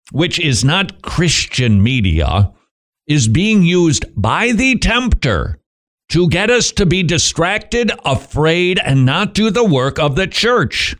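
Animated, wry Christian radio host. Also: male voice, on the high side. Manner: animated, joking asides to himself. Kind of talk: devotional radio commentary.

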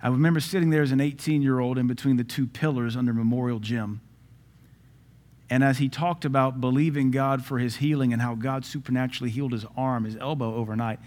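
A man preaching a sermon, telling personal stories in a conversational way. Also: mid-range voice.

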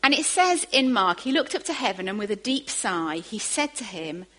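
A woman preaching a sermon, moving from quiet asides to emphatic, rising bursts. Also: mid-range voice, very animated, moderate pace, rough recording.

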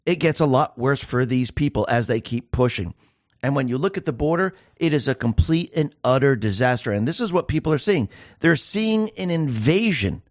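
A man in a solo political commentary, talking emphatically with sarcastic rhetorical questions. His voice sits at an ordinary middle pitch. The sound is close and dry, with no room around it. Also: expressive, normal speed, no room sound.

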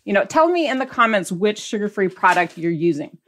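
A woman's voice: medium pitch, sing-song, fairly quick. A woman hosting a diet podcast, chatting casually to viewers, asking them questions and holding up products as she talks, with playful mimicry of their reactions. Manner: chatty, asks the audience questions; holds up products while talking. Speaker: podcast host.

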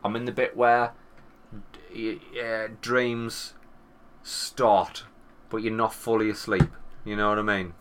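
A man in his thirties with a Northern English accent, co-hosting a podcast and telling a swearing, animated anecdote with quoted voices. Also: on the low side, takes it slowly, slight background noise. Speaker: podcast co-host. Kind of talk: casual storytelling chat.

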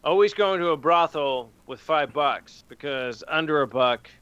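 A man's voice: on the high side, lively intonation, normal speed, a bit bright, clear, resonant tone, no room sound, dull audio. A man hosting a podcast, chatting casually with crude, rowdy jokes and teasing. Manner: rowdy, crude, joke-telling. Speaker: podcast host. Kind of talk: casual comedic chat.

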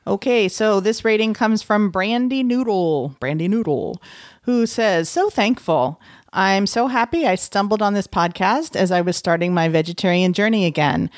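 A woman's voice: mid-range voice, expressive, moderate pace, no room sound, studio quality. A woman from Texas co-hosting a casual podcast, playful and teasing. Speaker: podcast co-host.

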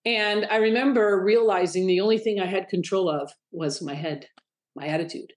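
A middle-aged woman, a guest author, telling personal stories in an interview and acting out the voices of people she quotes. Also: normal speed. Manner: animated, acts out quoted voices in a high pitch. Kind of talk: storytelling interview talk.

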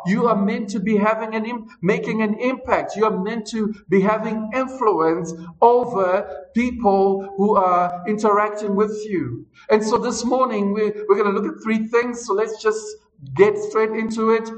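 A man preaching a sermon to his church, emphatic and repeating phrases for stress. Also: sits high. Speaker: pastor. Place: church service. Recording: voice a bit far from the mic.

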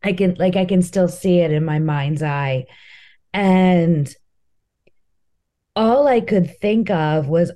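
A woman's voice: fairly low pitch, takes it slowly, pauses often, mellow. A woman comedian as an interview guest, telling stories in a candid, heartfelt way. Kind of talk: casual interview chat.

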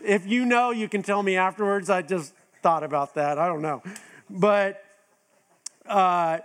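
Middle-aged male pastor, high voice, slow and chatty sermon delivery. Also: fairly bright tone. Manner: conversational, with many restarts and "you know"; acts out quoted voices with raised pitch.

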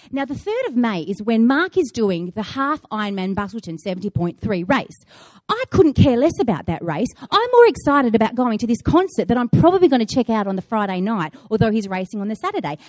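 A woman's voice: a little high, a little mellow, dry recording, studio quality. A woman giving a conversational sermon, chatty and playful, telling stories with acted-out asides. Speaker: preacher.

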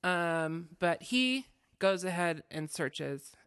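A woman's voice: on the low side, slow, smooth, dry recording. Chatty woman podcaster, dry close mic. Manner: chatty, animated, many fillers. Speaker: podcast co-host. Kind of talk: casual chat, retelling a story.

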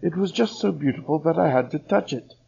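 A man's voice: a little high, brisk, gravelly, mellow, pitched above the performer's own voice. A man playing a nervous young elf. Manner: polite, anxious, raised voice. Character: young male elf adventurer, nervous but polite. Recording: roomy, slightly dull recording.

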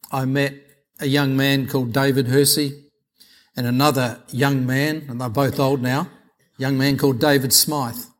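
A man preaching a sermon with personal testimony, earnest and measured, often repeating phrases. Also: on the high side, a bit bright.

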